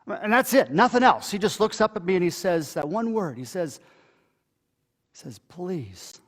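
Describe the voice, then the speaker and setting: A man's voice: high-pitched, sing-song. Man telling a story in an echoey hall. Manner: conversational storytelling with halting pauses and restarts. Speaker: pastor. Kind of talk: dramatic first-person monologue in a church service. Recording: echoey hall with long reverb.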